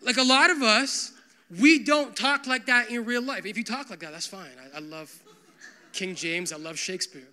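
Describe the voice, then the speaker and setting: Bright-voiced young male pastor preaching casually. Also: high voice, normal speed. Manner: conversational, animated, full of "like" fillers. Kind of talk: sermon.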